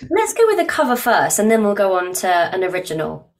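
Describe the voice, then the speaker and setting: A woman hosting a podcast, asking her guest measured questions. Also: mid-range voice, huge pitch swings. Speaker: podcast host. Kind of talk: podcast interview.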